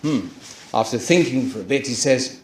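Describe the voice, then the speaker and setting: A man telling the audience his own story in a lively storytelling talk, full of rhetorical questions. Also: mid-range voice, normal speed, reverberant, a little hiss or hum. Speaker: speaker giving a conversion testimony.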